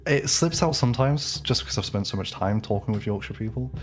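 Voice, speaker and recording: A man's voice: mid-range voice, animated, fairly quick, soft background music. A man with an English accent chatting casually with his live-stream audience while playing, rambling with lots of fillers and restarts. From England. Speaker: game streamer.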